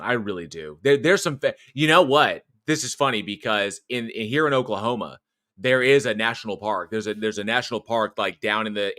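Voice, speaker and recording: A man's voice: on the low side, sharp tone, no room sound, clean studio sound. A man hosting a horror podcast in casual live chat, rambling and chuckling as he reads viewer comments. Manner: rambling, chatty, many restarts and chuckles. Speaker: podcast host.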